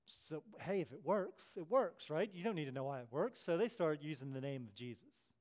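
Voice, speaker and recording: A man preaching a sermon as pastor, swinging from hushed prayerful tones to loud emphatic passages and acting out quoted voices. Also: on the high side, expressive, normal speed.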